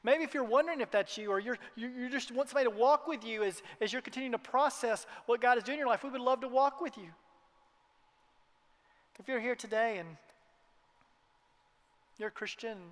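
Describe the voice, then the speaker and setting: A man preaching a sermon to his congregation in a church, earnest, sometimes dropping to a hushed tone for emphasis. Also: extremely high pitch, brisk, pauses often. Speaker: pastor. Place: church hall. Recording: long hall reverb.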